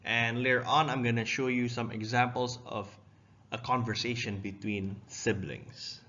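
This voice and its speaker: Bright-voiced young man teaching. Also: medium pitch, fairly even intonation, moderate pace. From Indonesia. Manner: explains step by step, reading words aloud. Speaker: language teacher. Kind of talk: casual lesson. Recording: dull, lo-fi sound.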